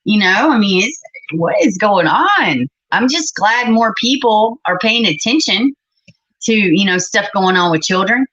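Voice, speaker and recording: A woman's voice: medium pitch, expressive, measured pace, fairly bright tone. A middle-aged woman, hosting a livestream and chatting bluntly and with exasperation with her live chat. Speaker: livestream host. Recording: slightly muffled recording.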